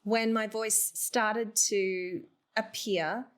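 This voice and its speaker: An Australian woman, a voiceover artist, chatting as an interview guest and telling lively stories with frequent laughs. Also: mid-range voice, extremely slow. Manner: animated storyteller, laughs often. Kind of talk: casual interview chat.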